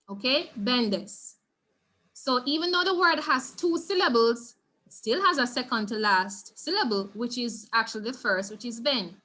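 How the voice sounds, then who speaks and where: Bright-voiced Jamaican woman teaching Spanish. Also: on the high side. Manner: patient, repeats key points and checks in with students. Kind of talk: online revision class.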